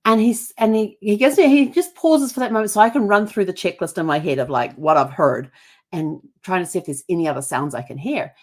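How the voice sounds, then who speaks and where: Middle-aged woman rambling thru a story on her vlog, lowish voice, lots of restarts. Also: brisk. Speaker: family history vlogger.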